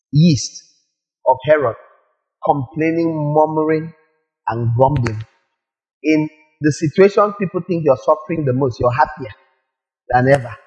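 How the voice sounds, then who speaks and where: A male preacher giving a lively sermon, firing rhetorical questions at the congregation and acting out little scenes. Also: fairly high pitch, lo-fi sound.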